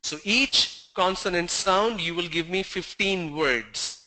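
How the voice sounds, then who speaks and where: A man's voice: sits high, takes it slowly, bright, forceful tone, poor audio. A middle-aged man teaching English pronunciation in an online lesson, drilling sounds letter by letter and correcting common mistakes.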